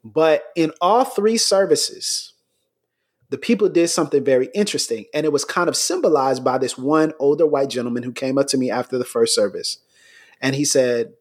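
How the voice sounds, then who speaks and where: A middle-aged American man, a pastor, telling stories in a relaxed podcast conversation, laughing between points. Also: mid-range voice, moderate pace.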